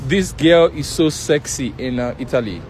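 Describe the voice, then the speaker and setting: A man's voice: medium pitch, lively intonation, normal speed. A man interviewing people on the street, cheeky and laughing as he asks provocative questions. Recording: street with loud crowd.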